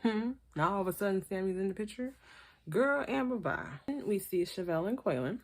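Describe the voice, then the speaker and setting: A woman casually recapping a reality show, chatty and opinionated and throwing in quick asides. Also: mid-range voice, expressive. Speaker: reality TV reviewer. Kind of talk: casual gossip commentary.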